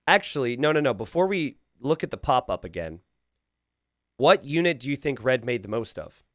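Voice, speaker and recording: Lively, animated male game commentator. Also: mid-range voice, no room sound, clean studio sound. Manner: animated, excitable, quick to laugh and exclaim; chatty, asks the viewers questions. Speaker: game commentator and channel host. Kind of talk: casual gameplay commentary.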